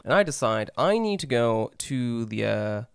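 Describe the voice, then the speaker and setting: A man's voice: medium pitch, a little slow, creaky, clear, resonant tone, no echo. Young podcast guy rambling a story, swears a bunch, dry close sound. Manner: rambling, swears a lot, animated when acting out others. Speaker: podcast co-host. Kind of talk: casual storytelling chat.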